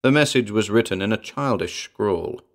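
A man's voice: fairly low pitch, animated, moderate pace. A man narrating a comic pulp story in a dry, wry storytelling manner.

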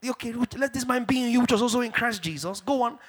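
Husky high-voiced African preacher. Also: male voice, fast talker. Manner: emphatic preaching that swings from hushed asides to shouted declarations; repeats key phrases for stress. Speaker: pastor. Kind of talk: sermon. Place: church.

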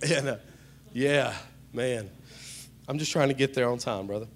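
A man's voice: mid-range voice, moderate pace, a little hiss or hum. A man preaching a humorous sermon, telling jokey stories and calling out to the congregation. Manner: joking, storytelling, calls out to the congregation. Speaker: pastor.

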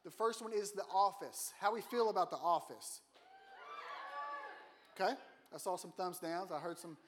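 A man's voice: sits high, normal speed, noisy background. A man giving a casual, joking sermon in a church, often putting questions to the congregation. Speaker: guest preacher. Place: church auditorium.

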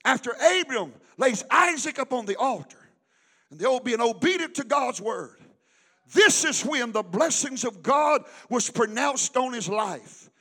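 A middle-aged pastor preaches with a very high, bright, forceful voice. He swings between loud shouting and quiet storytelling. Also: sing-song, a little slow, breathy edge, in a large hall. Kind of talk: sermon.

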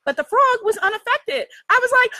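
A woman hosting a casual chat with her viewers, telling a story in an animated way, laughing often and asking "right?". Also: extremely high pitch, brisk, no echo. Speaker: host addressing her viewers.

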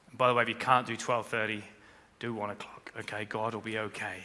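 A man preaching a sermon as pastor, animated, jumping between quiet asides and shouted appeals, with humorous asides. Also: mid-range voice, moderate pace, pauses often. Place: large church hall. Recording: long reverb of a church hall.

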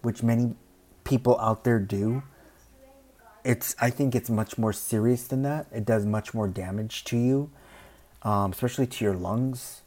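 Speaking at a medium pitch with a darkish tone, this man airs his opinions in a meandering, informal monologue. "You know" comes up constantly, and he mimics other people in short asides.

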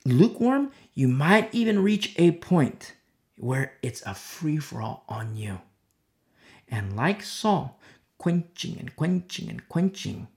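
Male preacher, impassioned sermon delivery, gravelly edge, wide swings in pitch, repeats for emphasis. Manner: impassioned, repetitive, swings between loud and hushed.

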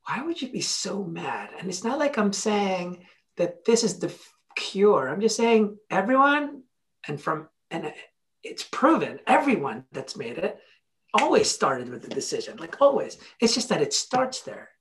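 A motivational speaker talking through stories in a podcast chat. The delivery is blunt and animated, voicing both sides of remembered conversations. Casual swearing runs through it. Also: mid-range voice, measured pace.

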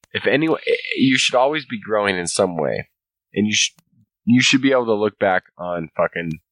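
A man's voice: fairly low pitch, no room sound. A young man co-hosting a podcast, talking casually, swearing a lot and laughing often. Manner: profane, animated, laughs often. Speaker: podcast co-host.

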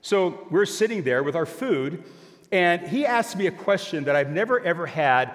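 An older man preaching a sermon, telling a story and acting out both sides of a conversation in an animated way. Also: high voice, normal speed. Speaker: pastor. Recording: long hall reverb.

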